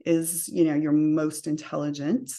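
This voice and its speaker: A woman speaking as a coaching guest in a casual interview, talking in a relaxed way with many "you know" and "um" fillers. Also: deep voice, unhurried. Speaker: guest, energy and career coach.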